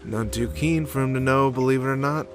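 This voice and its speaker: A man narrating in the first person as a world-weary, gruff detective who swears freely. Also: mid-range voice, brisk, faint music behind.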